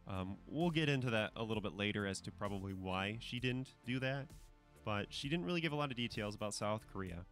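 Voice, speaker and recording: A man with a fairly low voice talks through his commentary in a loose, conversational way. He hedges often and fills pauses with ums and restarts. Faint music plays underneath. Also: expressive, fairly bright tone. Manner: conversational, hedging, many fillers and restarts. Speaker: commentary channel host. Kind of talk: casual spoken commentary.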